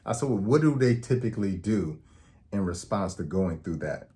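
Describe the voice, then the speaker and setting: This health educator addresses the camera in a fairly low, warm voice with lively intonation and a normal pace. His explanations are conversational, punctuated by "okay?", and he voices the characters in his anecdotes.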